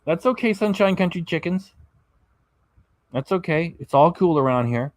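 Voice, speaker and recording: Slightly high and animated, this man's voice moves at a moderate pace in a dry recording. He hosts a reaction channel and, though tired and yawning, chats casually on stream while reading messages aloud and botching names.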